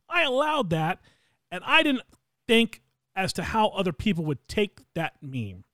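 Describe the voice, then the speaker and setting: A man co-hosting a podcast, telling a story in a casual, profane way that swings between loud and quiet. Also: a little high, normal speed, dry recording, studio quality. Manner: animated, swings loud and quiet, swears a lot. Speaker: podcast co-host.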